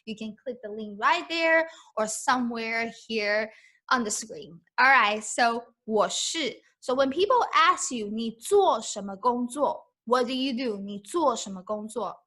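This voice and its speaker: A woman with as her gives a beginner lesson in English. Her voice is bright and a little high. She speaks slowly and repeats each phrase carefully for learners. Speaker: Mandarin teacher. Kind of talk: online language lesson.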